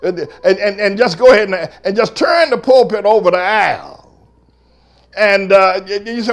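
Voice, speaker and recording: A man preaching a sermon as pastor, emphatic and repetitive, swinging from loud to low and scornful. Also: moderate pace.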